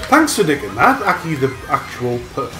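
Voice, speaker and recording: A man's voice: fairly high pitch, sing-song, moderate pace. Crude teasing Englishman gaming. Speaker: gamer and channel regular. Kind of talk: casual gaming banter. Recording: echoey room with loud game music.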